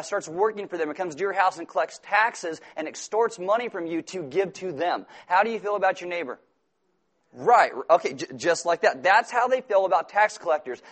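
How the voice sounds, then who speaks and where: A man preaching a sermon to a congregation, working humorous asides and quick jokes into his Bible teaching. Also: high voice, a bit bright. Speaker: pastor.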